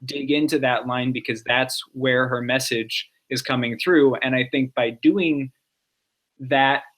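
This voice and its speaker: A man co-hosting a podcast, speaking in a thoughtful, measured, reflective way in casual discussion. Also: mid-range voice, steady tone, a bit bright. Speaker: podcast co-host.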